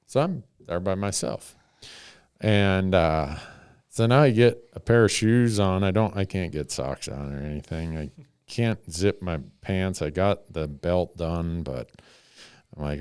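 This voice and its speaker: A man's voice: low voice, unhurried, darkish tone, smooth, dry recording, studio quality. A middle-aged man, a podcast host, telling a story in a laid-back, wry way. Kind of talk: casual storytelling.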